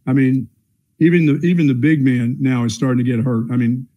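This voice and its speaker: A man hosting a sports talk show in a measured, folksy way, often saying "I mean". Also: medium pitch, dark tone.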